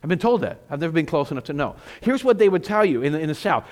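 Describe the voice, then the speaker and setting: A middle-aged male pastor preaching a sermon, telling stories with animated, self-mocking humor. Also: on the high side, very fast.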